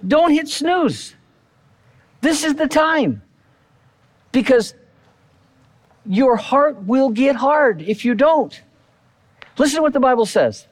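Animated, slow-talking male pastor. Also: extremely high pitch. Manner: animated, conversational preaching with repeated phrases. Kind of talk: sermon. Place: church.

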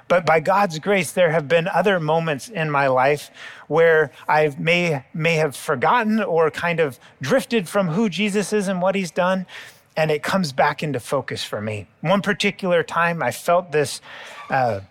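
A man delivering a sermon in an earnest, explanatory way. His voice sits a little higher than most men's, and he retells scripture scenes in his own words. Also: measured pace. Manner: earnest, explanatory preaching with paraphrased quotes. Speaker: pastor.

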